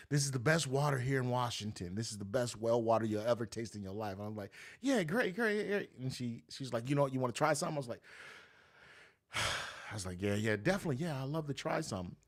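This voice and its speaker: During a casual interview, a man who owns a notary business recounts stories with animation. Whenever he quotes someone, he performs their voice, leaping widely in pitch.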